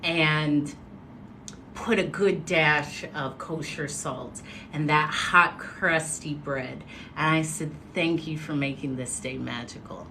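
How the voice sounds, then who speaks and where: A woman telling a story casually on a livestream, animated and expressive, acting out what people said. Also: sits low, slow pace, slight background noise. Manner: animated, expressive, acts out quotes. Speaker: motivational speaker.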